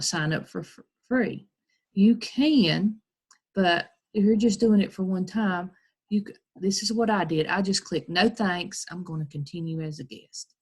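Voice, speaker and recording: A woman's voice: medium pitch, a little mellow, breathy edge. An American woman teacher patiently walking children through a recorded screen tutorial, step by step.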